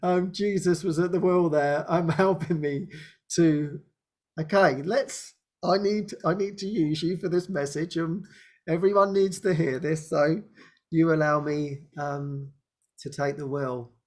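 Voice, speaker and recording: A man hosting an online spiritual show, telling a personal story in a rambling, laughing way and dropping to a soft hush at tender moments. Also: a little high, steady tone, unhurried. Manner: rambling, laughs often, softens to a hush when speaking as Jesus. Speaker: host. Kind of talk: casual spiritual sharing. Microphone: video call microphone.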